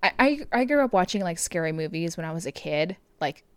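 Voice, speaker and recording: A woman's voice: fairly low pitch, animated, a little fast, clean tone, dry recording. A woman hosting a podcast late at night, recapping a movie in casual chat, often giggling and rambling with many fillers. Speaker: podcast host.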